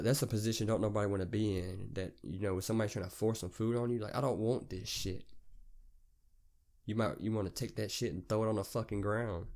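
A man's voice: on the low side, darkish tone. A young man with a Southern US accent, hosting a podcast and telling profane, rambling stories in a casual rant. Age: young adult. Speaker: podcast host.

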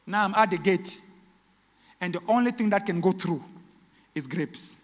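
A male pastor, preaching a sermon that swings between shouted peaks and hushed, low passages. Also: lively intonation, normal speed, in a large hall.

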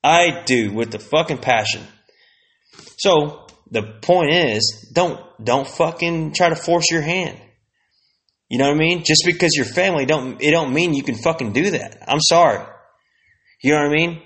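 A man's voice: a little high, normal speed, a bit bright. A man hosting a solo podcast, venting bluntly in a casual, profanity-heavy rant that circles back on itself. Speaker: podcast host.

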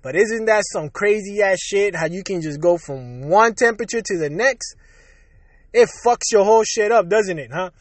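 A man's voice: sits high, expressive, moderate pace, dry recording. A man from Puerto Rico hosting his own show, ranting casually and profanely and laughing between lines. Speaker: podcast host. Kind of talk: casual solo rant.

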